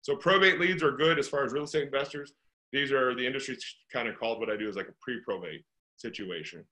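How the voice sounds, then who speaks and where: A man's voice: medium pitch, fast, pushed and bright, poor audio. A middle-aged man from St. Louis, a real estate investor being interviewed, talking earnestly and piling up rhetorical questions. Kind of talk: conversational interview.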